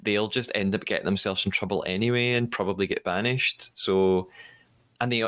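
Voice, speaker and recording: With a fairly low, steady and fairly bright voice at normal speed, this man hosts a podcast recapping a TV episode. His chat is casual and hesitant, full of restarts.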